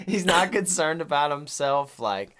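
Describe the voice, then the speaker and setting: A man co-hosting a podcast in casual chat, animated and swearing, with lots of "dude" and "like". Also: a little high, takes it slowly. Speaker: podcast co-host.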